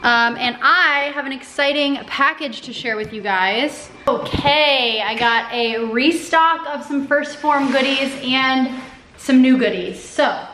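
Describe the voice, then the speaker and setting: A woman's voice: high-pitched, slow, sharp tone, roomy sound, slight background noise. A woman chatting casually to camera at home for her vlog, upbeat and rambling. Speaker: vlogger. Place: home indoors.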